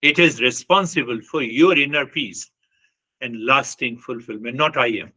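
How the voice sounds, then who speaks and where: A man with a bright, forceful voice gives an earnest spiritual talk. He repeats himself for emphasis and puts pointed questions to his listeners. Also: mid-range voice, moderate pace, poor audio. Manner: earnest, repetitive, with short laughs and acted quotes. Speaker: spiritual teacher.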